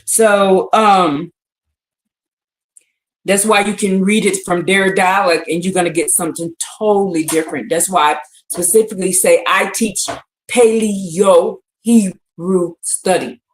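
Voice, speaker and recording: A woman's voice: medium pitch, fairly even intonation, unhurried. Woman, livestream Bible teacher, repetitive emphatic delivery, roomy echo. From United States. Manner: repetitive, emphatic, often asks "you see what I'm saying?". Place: indoors on a livestream, answering chat.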